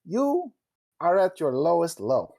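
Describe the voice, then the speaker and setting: A woman voicing a smooth-talking adventurer who speaks in lofty, measured phrases. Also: lowish voice, wildly swooping pitch, mellow, full character voice. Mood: persuasive.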